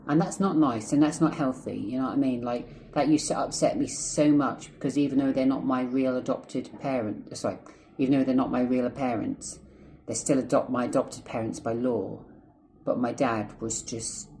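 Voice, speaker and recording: Rambling Scottish man with a mellow voice. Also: mid-range voice, steady tone, normal speed, a little hiss or hum. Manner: rambling, chatty, heavy swearing, drifts off topic. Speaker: vlogger. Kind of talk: casual storytime vlog.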